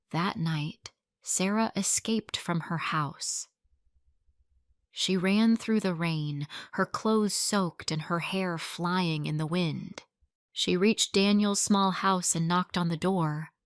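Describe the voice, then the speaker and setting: Slow, low-voiced woman telling a story. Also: dry recording, studio quality. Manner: slow, clear, simple storytelling. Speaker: narrator. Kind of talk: scripted narration for English learners.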